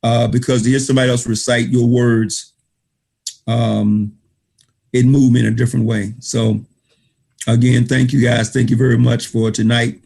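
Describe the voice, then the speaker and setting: A man speaks over a video call in a middle-pitched voice, delivering an emphatic motivational talk. He drives his points home by repeating key phrases in a preacher-like rhythm. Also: level tone, normal speed, gravelly, mellow, slightly rough. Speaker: author thanking readers at an online book reading. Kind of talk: motivational speech.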